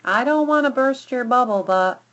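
A woman voicing a gentle, kind female dog in a storybook reading. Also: a little high, animated, normal speed, highs cut off, pitched above the performer's own voice. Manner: gentle, soft.

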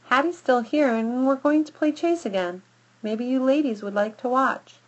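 A woman's voice: high-pitched, normal speed, lo-fi sound, voice pushed up. Woman doing Fenway, a cocky young male dog. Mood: insistent. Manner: boastful, excitable.

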